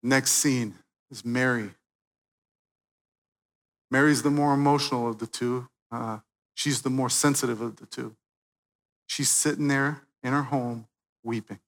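A man preaching a sermon, swinging from loud, emphatic peaks to quiet, hushed moments. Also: mid-range voice, steady tone, measured pace, gravelly, long pauses, long reverb tail. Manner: dynamic preaching, swelling loud then dropping soft.

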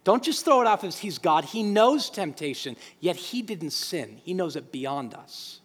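A man preaching a sermon as pastor, emphatic and animated, quoting scripture in acted voices. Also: high voice, unhurried, slightly rough. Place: church sanctuary. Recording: long hall reverb.

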